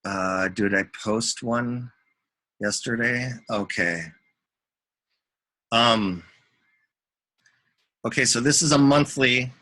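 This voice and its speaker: A man's voice: medium pitch, slow, pauses often, sharp tone. A man giving a casual, rambling live commentary on currency charts, chatting with viewers and talking to himself as he goes. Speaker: market commentator.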